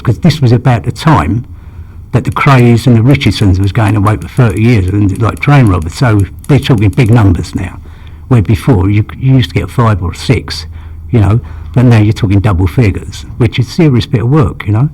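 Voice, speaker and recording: This older interviewee's voice is lowish, a little mellow, and husky, at a moderate pace. He rambles through long stories from his past, acts out the quoted dialogue, and drops in "you know" often.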